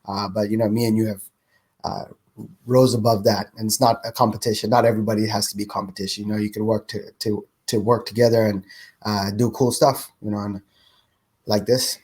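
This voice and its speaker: A man's voice: lowish voice, flat delivery, a little fast, a little mellow, husky. A man hosting a business podcast, talking in an easygoing, conversational way. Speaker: podcast host. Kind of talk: casual interview chat.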